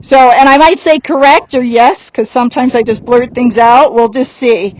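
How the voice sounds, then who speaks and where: High-pitched woman trainer; direct, upbeat coaching in an outdoor arena. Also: fairly even intonation, a little hiss or hum, low-quality recording. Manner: direct coaching with quick laughs. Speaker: horse trainer. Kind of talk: giving a riding lesson.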